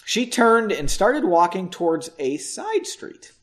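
A man's voice: high voice, sing-song, slow pace. A man reading a novel chapter aloud, with casual asides in between. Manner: chatty asides, swears and laughs between passages. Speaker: audiobook reader.

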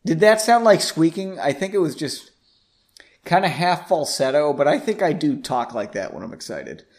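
A man's voice: a little high, very animated, moderate pace. A man reading his own story aloud, breaking off for chatty, self-commenting asides.

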